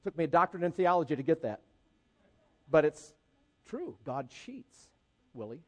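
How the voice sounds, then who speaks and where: A man's voice: on the high side, moderate pace. A male pastor preaching a sermon with humor and repetition for emphasis. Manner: animated, humorous, repeats for emphasis.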